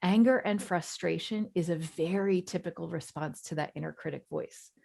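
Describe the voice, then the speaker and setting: A woman in her forties leads a coaching webinar. Her voice sits low with plenty of vocal fry, and she talks in a conversational, reassuring way. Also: normal speed, dark tone. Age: 40s. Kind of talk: webinar talk.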